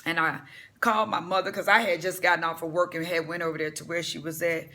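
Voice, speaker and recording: A man's voice: on the high side, flat delivery, fast talker, sharp tone. A man giving casual vlog commentary, blunt and profane, rambling with fillers and telling a personal story. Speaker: vlogger.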